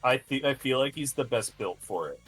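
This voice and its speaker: An enthusiastic man chats as a stream guest, his husky voice swinging up and down in pitch. Faint music plays behind him. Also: a little fast. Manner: enthusiastic, lively. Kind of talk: casual chat on a livestream.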